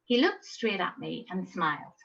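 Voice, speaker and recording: A middle-aged woman, telling a personal story in a reflective, gently wry manner. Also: lowish voice, big pitch swings, a little slow, creaky, dull audio. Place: home.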